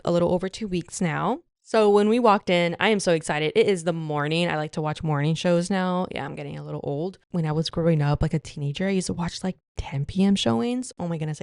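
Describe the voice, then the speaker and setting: A woman in her thirties chats alone on her podcast, gushing and rambling with plenty of fillers. Her voice sits a little low and sounds smooth and clean. The recording is dry and close, with no room around it. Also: darkish tone, dry recording. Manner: chatty and gushing, many fillers like "like" and "you know". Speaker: podcast host. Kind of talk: casual solo podcast chat.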